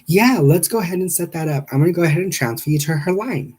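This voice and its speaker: A man's voice: high voice, lively intonation, fast talker, darkish tone, slightly rough, pitched above the performer's own voice. A man voicing a breezy, evasive woman phone receptionist in an upbeat, chirpy manner.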